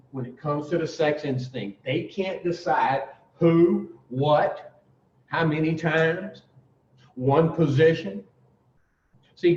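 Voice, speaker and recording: A man's voice: a little high, darkish tone. A man telling a folksy, profane recovery story to a group, acting out voices as he goes. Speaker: addiction recovery speaker. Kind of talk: casual storytelling talk. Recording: roomy dull recording from far off.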